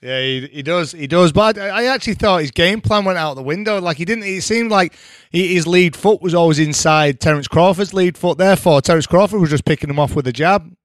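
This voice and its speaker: A man's voice: on the high side, a little fast, no echo, clean studio sound. A man from Salford, co-hosting a sports podcast in eager, chatty talk. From Salford, England. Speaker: podcast co-host. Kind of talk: casual sports chat.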